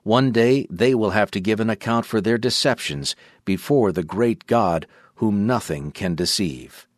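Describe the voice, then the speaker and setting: Guy reading out a condemned martyr, steady and earnest, low voice, dry sound. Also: unhurried, no room sound. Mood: defiant. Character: condemned male martyr, defiant and devout.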